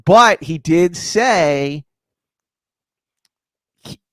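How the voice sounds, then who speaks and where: A man co-hosting a podcast in casual chat, rambling with many halting restarts. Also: on the high side, expressive, no room sound, studio quality. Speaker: podcast co-host.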